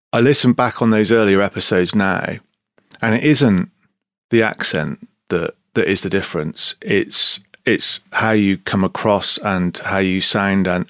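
A man's voice: low-pitched, a bit bright, no echo, studio quality. A middle-aged man with a Bristolian accent, chatting reflectively on a podcast. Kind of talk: casual podcast chat.

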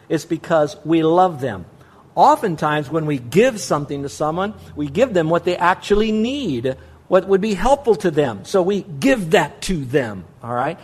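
A male pastor preaching with emphatic, repetitive stress on his points. His voice sits a little higher than most men's. He talks straight to the congregation. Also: breathy edge. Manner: emphatic preaching with repeated phrases. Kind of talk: sermon.

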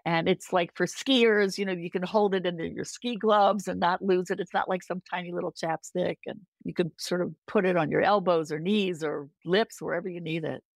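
An older woman, a podcast guest, telling stories in casual chat, animated and lively, acting out quoted voices. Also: moderate pace, gravelly, few pauses, dry recording. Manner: animated, acts out quoted voices with big pitch jumps.

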